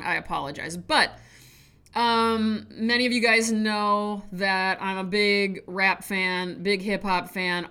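A woman hosts her own podcast alone from home, chatting casually and rambling from one aside to the next. Her voice sits in an ordinary middle pitch, and she keeps breaking off her own sentences to add another thought. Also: fairly bright tone. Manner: rambling, chatty, self-interrupting. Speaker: podcast host. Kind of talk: casual solo podcast chat.

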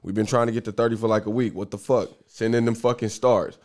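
A man hosting a casual podcast, loud and joking, swearing a lot and laughing often. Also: lowish voice, steady tone, quick pace. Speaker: podcast host.

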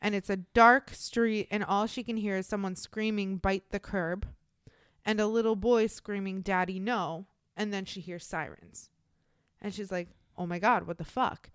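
Young woman, podcast host, casual storytelling, swears freely, clear smooth voice, dry close sound. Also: mid-range voice, steady tone, normal speed, no room sound. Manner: blunt and profane, many fillers like "like". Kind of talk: casual true-crime storytelling.

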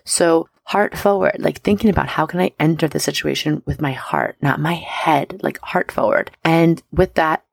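Gravelly-voiced bubbly woman host. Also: deep voice, moderate pace, hardly any pauses, no room sound. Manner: bubbly, affirming, coaching the listener. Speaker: astrology podcast host. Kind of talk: casual motivational talk.

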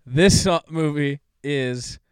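A young man on a podcast with a smooth, fairly high voice, casually retelling movie plots between ums and curse words. The sound is dry and close. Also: slow pace, no echo. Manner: loose and profane, retells movie plots with lots of fillers. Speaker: podcast co-host.

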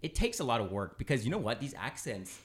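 A young man, co-hosting a podcast in a casual, teasing chat. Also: mid-range voice. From Canada. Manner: teasing, animated, quick talker. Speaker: podcast co-host.

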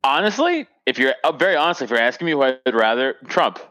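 A man's voice: mid-range voice, sing-song, fast, bright, forceful tone, no echo. A young adult man, a stand-up comedian guest, chatting in a profane, joking way and laughing often. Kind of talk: casual podcast chat.

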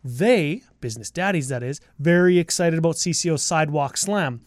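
Guy cohosting a podcast, kinda high voice, walks through stuff calmly, teases his buddy. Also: normal speed, no echo, studio quality. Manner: steady, explanatory, teasing. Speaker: podcast co-host. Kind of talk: casual podcast talk and sponsor reads. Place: podcast recording booth.

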